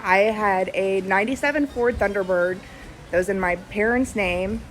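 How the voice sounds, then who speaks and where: A woman in her thirties, talking earnestly and haltingly with many pauses and fillers, close to tears. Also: mid-range voice, a little hiss or hum, rough recording. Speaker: vlogger. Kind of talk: casual reflective video to friends.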